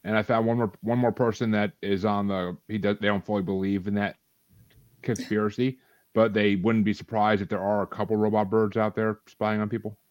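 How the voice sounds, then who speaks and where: Low-voiced man co-host, dry sound. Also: flat delivery, fairly quick, darkish tone, dry recording, muffled recording. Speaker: podcast co-host. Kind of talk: casual chat.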